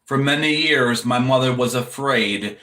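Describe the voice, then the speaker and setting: Man preaching, slow deliberate delivery, earnest and repetitive, echoey room. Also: medium pitch, bright, forceful tone. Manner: earnest, repetitive exhortation addressed to the viewer. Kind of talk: sermon-style encouragement.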